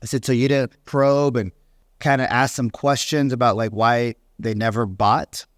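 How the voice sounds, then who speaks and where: A man coaching real estate agents in a casual, animated talk, often mimicking agents and clients in quick bursts. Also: mid-range voice, no echo, clean studio sound.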